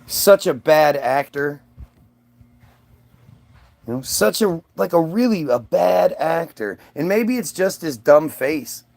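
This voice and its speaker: A man's voice: a little high, animated, slow pace, creaky, darkish tone. A man ranting on his own channel in a rambling, profane way, restarting his sentences often. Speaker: vlogger. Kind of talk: ranting monologue.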